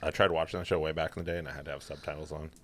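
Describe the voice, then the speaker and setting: A man's voice: extremely low pitch, level tone, rapid-fire, a bit bright, slight background noise. An easygoing man chatting casually on a podcast, laughing often. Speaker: podcast co-host. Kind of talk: casual chat.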